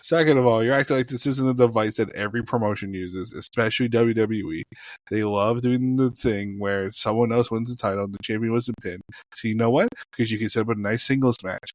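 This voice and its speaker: A man's voice: on the low side, fairly quick, no echo. A man co-hosting a wrestling podcast, ranting with a lot of swearing in casual chat. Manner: profane and ranting. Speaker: podcast co-host.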